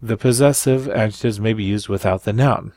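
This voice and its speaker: A man's voice: lowish voice, fairly quick, a little mellow, dry recording, clean studio sound. A man teaching a recorded Spanish grammar lesson, explaining step by step and checking in with frequent "right?".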